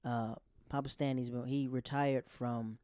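Man, thirties, casual grieving storytelling, halting with restarts, mid-pitched, dry close sound. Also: little pitch movement, dark tone, clean tone, no room sound. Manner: rambling, halting, with many restarts.

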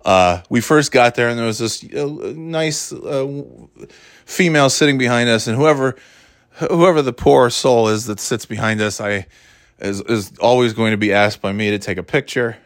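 A man's voice: medium pitch, normal speed, dry recording, studio quality. A man telling a long casual story, swearing freely and rambling with many asides. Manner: profane, rambling, exasperated.

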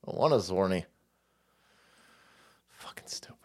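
A man in his forties on a livestream, ranting in a foul-mouthed, mocking way. His pitch swings widely and sits a little high for a man. He breaks into laughter as he goes. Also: expressive, moderate pace. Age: 40s. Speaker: livestream host. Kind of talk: profane comedic rant.

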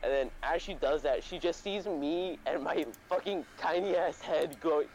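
A man's voice: on the high side, moderate pace, a little hiss or hum, rough recording. A young man hosting a casual chat, telling a story in a rambling, profane way with lots of fillers and restarts. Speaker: podcast host.

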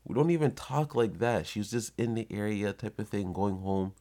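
A man's voice: fairly low pitch, animated, moderate pace, dark tone. A young man telling a blunt, profane story in a casual monologue. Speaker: vlogger.

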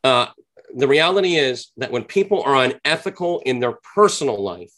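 A man in a relaxed interview, talking earnestly and explaining his points step by step. His pitch sits in an ordinary middle range, and he slows down to lean on the words that matter. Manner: earnest, explanatory, drawn-out emphasis on key points. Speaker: podcast guest, sales trainer. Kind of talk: conversational interview answer.

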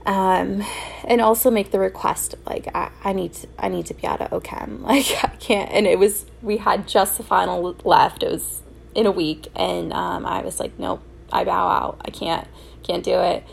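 A woman's voice: fairly low pitch, steady tone, moderate pace, gravelly. A young woman hosting a solo podcast, telling personal stories in a candid, emotional way with many fillers and restarts. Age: young adult. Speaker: podcast host.

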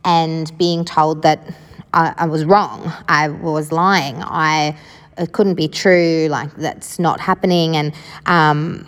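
A woman's voice: deep voice, fairly even intonation, takes it slowly, long reverb tail. A woman telling her own life story in a frank, casual way, swearing freely and often saying "like". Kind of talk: candid personal storytelling.

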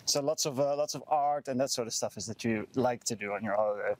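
A man's voice: medium pitch, fast. A man hosting a casual chat while walking outdoors on a campus, easygoing and curious, often repeating words like "cool, cool". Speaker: podcast host.

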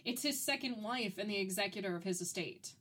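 A woman's voice: medium pitch, a little fast, a bit bright, a little hiss or hum. Giggly young woman podcast host. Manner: giggly, chatty, laughs through her sentences. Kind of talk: casual chat about a movie.

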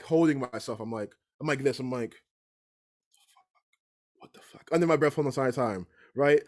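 Young man telling a story casually. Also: fairly high pitch. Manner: animated, repeats "right?" and "I'm like". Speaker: podcast guest storyteller.

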